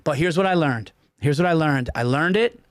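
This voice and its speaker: A man hosting a podcast in casual chat, rambling and animated, with lots of restarts. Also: fairly high pitch, moderate pace, no echo, clean studio sound. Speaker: podcast host.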